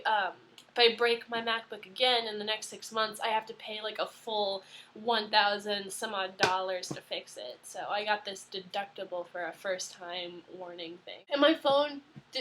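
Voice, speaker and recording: A young woman in her early twenties rambles excitedly into her webcam. Her voice sits high and sounds bright and sharp, full of fillers and quick asides in a casual home vlog. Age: early 20s. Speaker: vlogger. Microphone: webcam mic.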